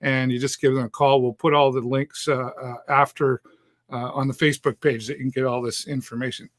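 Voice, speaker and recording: A man's voice: medium pitch, flat delivery, a little fast, no room sound. Chatty middle-aged male host, dry sound. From Canada. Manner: chatty, upbeat, many fillers. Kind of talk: casual live show talk.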